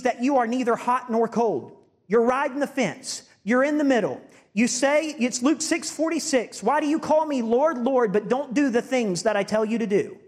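A man preaching a sermon, telling stories and speaking with emphasis, shifting between quick and slow delivery. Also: very high voice. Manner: storytelling with shifting pace, emphatic. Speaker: pastor.

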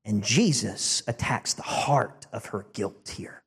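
A male preacher delivering a sermon, animated and emphatic, building to forceful peaks. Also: lowish voice, slow pace, gravelly, husky. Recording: long church-hall reverb.

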